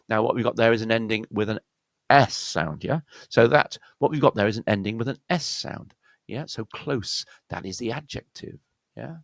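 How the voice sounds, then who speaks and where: A man's voice: medium pitch, moderate pace, gravelly, no room sound. A man with a British accent giving a pronunciation lesson as an accent coach, explaining step by step and often checking in with "yeah?".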